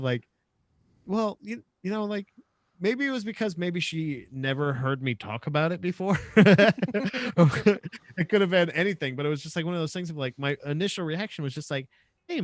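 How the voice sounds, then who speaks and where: A man's voice: fairly high pitch, dry recording. A man co-hosting a podcast, trading crude, self-mocking banter in a casual chat. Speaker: podcast co-host.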